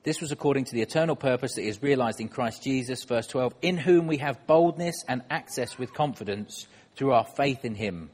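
A man delivering a sermon in church at an everyday middle pitch. He keeps it conversational and self-deprecating, often turning to put questions to the people listening. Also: fairly quick, few pauses, a little mellow, slightly rough, in a large hall. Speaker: preacher.

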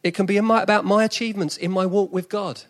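In his sermon, the man in his forties talks fast with a South East London accent and fairly even intonation. His fairly high voice stays earnest and conversational, then climbs into emphatic runs of lists.

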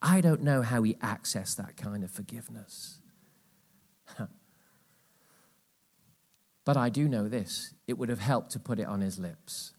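A male pastor preaching a live church sermon, swinging between loud, emphatic exhortation and hushed, quiet asides. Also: fairly low pitch, a little slow, pauses often.

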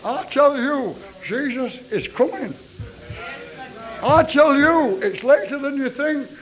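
A man's voice: very high-pitched, expressive, slow, poor audio. A man preaching a fervent revivalist sermon, repeating his refrain and breaking into tongues.

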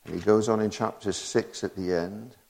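A man's voice: on the low side, fairly even intonation, moderate pace, gravelly, darkish tone. A man preaching a sermon, full of rhetorical questions and laughing asides.

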